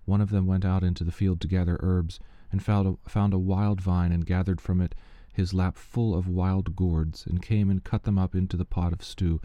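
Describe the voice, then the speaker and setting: Male reader for scripture passages, low and very dark in tone, measured and steady, dry close sound. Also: no echo. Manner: measured, steady reading pace. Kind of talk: scripture reading.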